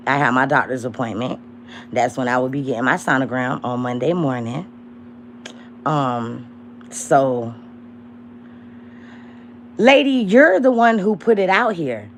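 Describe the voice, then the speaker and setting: Brash young woman ranting on a livestream. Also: slight background noise. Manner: blunt, profane, calls out a rival; swings between loud mocking and low murmurs. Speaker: livestream host. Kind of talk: casual livestream rant.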